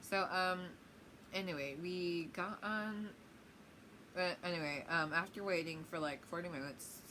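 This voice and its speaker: A young woman with a slightly low voice tells a rambling story-time vlog, full of "um"s, "like"s and little giggles. A faint hiss sits under the recording. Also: unhurried, bright, forceful tone, poor audio. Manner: rambling, giggly, lots of fillers. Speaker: vlogger.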